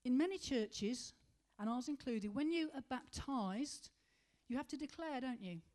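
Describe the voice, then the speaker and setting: A woman preaching a sermon, asking rhetorical questions and slowing to stress key words. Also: high voice, expressive, darkish tone.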